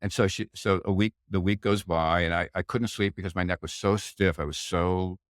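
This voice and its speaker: An older man telling a long anecdote in casual chat, lively and acting out the voices of the people in his story. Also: deep voice, normal speed, no echo, studio quality. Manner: animated anecdote teller, acts out quoted voices. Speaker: guest.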